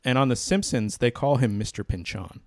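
A man's voice: mid-range voice, fairly quick, no room sound, clean studio sound. A man co-hosting a podcast in casual chat, laid-back, sometimes arguing his points in a mock-formal way. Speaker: podcast co-host.

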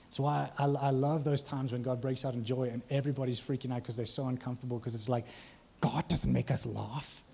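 A man's voice: mid-range voice, little pitch movement, quick pace, hardly any pauses, warm tone, slight background noise. A male preacher giving a conversational sermon, often asking the congregation questions.

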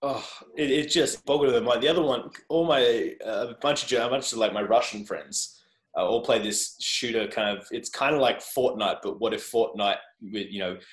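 A man's voice: on the low side, fairly quick. An Australian man chatting as a podcast guest, rambling and self-deprecating. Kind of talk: casual interview chat. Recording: roomy echo.

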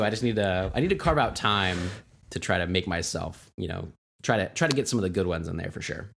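A man's voice: low voice, lively intonation, fairly quick, vocal fry, crowd noise. A man co-hosting a podcast, rambling and joking in casual chat. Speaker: podcast co-host.

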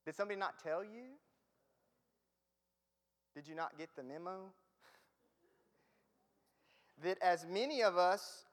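A man's voice: sits high, a bit bright. A man preaching a conversational sermon, often laughing and losing his place as he reads from slides. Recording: reverberant hall.

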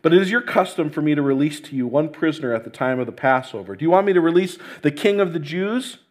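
A man's voice: on the high side, expressive, quick pace. A man reading scripture aloud, voicing a stern Roman governor who presses questions in a raised voice. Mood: demanding.

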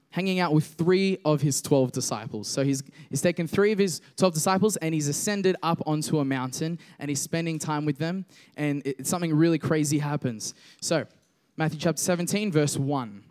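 A young man preaching a casual sermon to a congregation, reading scripture, joking with the listeners and slowing down for emphatic points. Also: on the high side. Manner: conversational, jokes with congregation, builds to emphatic slow declarations.

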